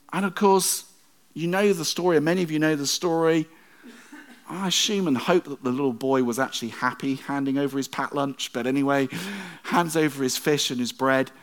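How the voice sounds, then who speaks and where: Male preacher, conversational sermon, dry humour, mid pitch. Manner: conversational, wry asides, slows for quoted verses.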